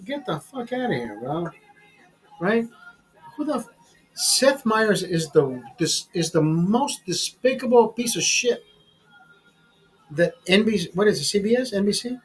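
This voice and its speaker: Tipsy male livestream host, husky, foul-mouthed and cocky. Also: sits high, very animated, measured pace, long pauses, faint music behind, low-quality recording. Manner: crude, boastful, swearing constantly. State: tipsy from drinking. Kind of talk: casual profane rant.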